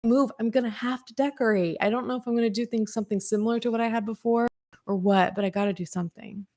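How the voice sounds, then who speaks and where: A woman hosts a podcast livestream and talks straight to her chat. She rambles casually, full of fillers and restarts, and speaks frankly, even swearing at times. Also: a little high, fast talker. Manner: talks to live chat readers. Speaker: podcast host.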